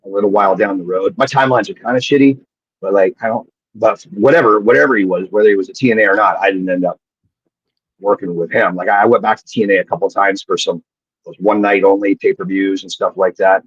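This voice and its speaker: A man's voice: fairly low pitch, steady tone, fast, husky, no echo. A man, a former wrestler, telling rambling, profane stories as a guest in casual chat, heard through dull lo-fi remote audio. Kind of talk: casual storytelling.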